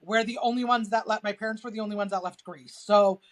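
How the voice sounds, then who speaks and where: A woman's voice: medium pitch, steady tone, fast talker. Chatty American woman on a podcast. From United States. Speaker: podcast co-host. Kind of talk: casual chat.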